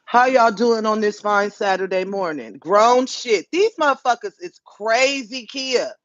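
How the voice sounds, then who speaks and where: A woman's voice: on the high side, animated, a little slow, dry recording. Blunt, profane woman on a livestream. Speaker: livestream host. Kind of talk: casual live-stream chat. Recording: dull, dry lo-fi phone audio.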